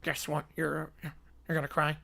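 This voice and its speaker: Two snickering teenage boys making a prank call, put on by a man, low and quiet in tone. They cackle between clipped, gleeful lines. The voice is dopey and mischievous. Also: completely flat delivery, measured pace, gravelly, heavily acted. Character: snickering dim teen boys pulling prank calls.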